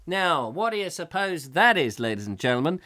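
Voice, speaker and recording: Middle-aged male comic host, bright high-ish voice, rambling and playful, slips into silly voices. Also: sing-song, normal speed. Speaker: comic chat show host. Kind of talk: live comic monologue reading viewer comments.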